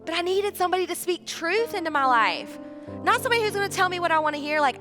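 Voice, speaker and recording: A woman, preaching a sermon in a chatty, animated way and acting out little bits of dialogue. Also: very high voice, quick pace. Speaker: church speaker. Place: large church hall. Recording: live church hall, reverberant, music behind.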